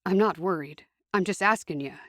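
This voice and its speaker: A woman voicing a calm, even-tempered young Amish man who speaks quickly in a slightly lowered voice. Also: no echo, studio quality, close to an everyday voice.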